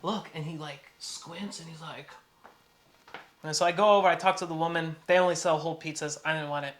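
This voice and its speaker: Man telling a story, casual and animated. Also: a little high, a little fast, slight background noise. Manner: animated storyteller, acts out quoted people. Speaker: podcast co-host.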